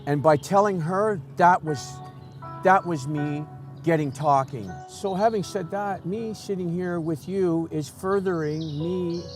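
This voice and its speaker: A man speaking as a guest, telling a personal story in an earnest, halting way with many restarts, moved and emotional. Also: a little high. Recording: music playing under the voice.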